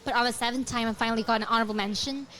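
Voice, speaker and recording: A woman's voice: fairly high pitch, fairly even intonation, rapid-fire, a bit bright. A young woman from Taiwan, speaking English with an American accent and Mandarin as her first language, answering interview questions in an earnest, careful way. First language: Mandarin Chinese. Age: young adult. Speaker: guest author.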